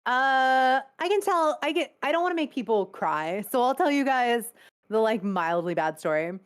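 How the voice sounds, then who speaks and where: A young adult woman, a guest on a video call interview, telling stories in a blunt, animated way and swearing freely. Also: on the high side, moderate pace, clean tone. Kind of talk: casual storytelling.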